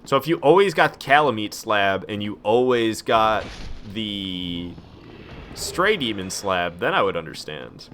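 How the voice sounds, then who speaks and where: A man's voice: lowish voice, sing-song, a little slow, fairly bright tone, a little hiss or hum. A young man streaming a video game at home, rambling casually and reading chat messages aloud.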